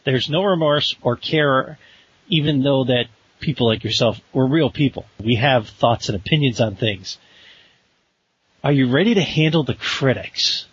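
Folksy podcast host with a hissy line. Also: male voice, mid-range voice, a little slow. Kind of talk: casual interview. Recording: dull lo-fi audio with faint hiss.

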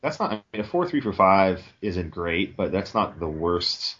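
Podcast co-host, man, low voice, chatty and rambling, muffled lo-fi sound. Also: sing-song, moderate pace, a bit bright, breathy edge. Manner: rambling, hedging with likes and I means. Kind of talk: casual chat. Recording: dull lo-fi sound.

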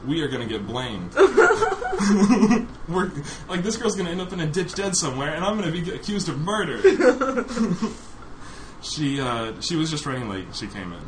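A man's voice: high voice, sing-song, measured pace, long pauses. A man casually telling a funny story on a podcast, laughing often as he goes. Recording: noisy recording.

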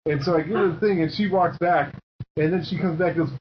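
American dude telling a story on a podcast, kinda high voice, swears a lot, dull lo-fi sound with a little hiss. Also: male voice, quick pace. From United States. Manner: animated, swearing, acts out quotes. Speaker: podcast co-host. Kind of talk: casual storytelling chat.

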